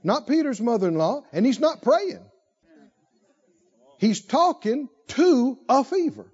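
A high-pitched male preacher with a lively voice, slow and deliberate in delivery. He swings from hushed asides to shouted climaxes, stretching out his emphatic lines. The sound is a little muffled and lo-fi. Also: husky. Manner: drawls emphatic phrases slowly. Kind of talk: sermon.

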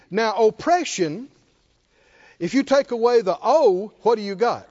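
A man's voice: high-pitched, measured pace, lo-fi sound. A man preaching a sermon, asking the congregation questions and chuckling often. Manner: animated call-and-response preaching, chuckling often. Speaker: pastor.

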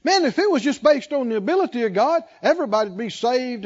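A man's voice: very high-pitched, big pitch swings, quick pace, dull audio. A man preaching a sermon as pastor, emphatic and calling out questions for the congregation to answer.

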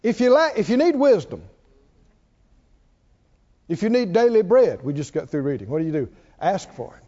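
Lively high-voiced man preaching a sermon. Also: normal speed, highs cut off. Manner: call-and-response preaching, asks the congregation questions.

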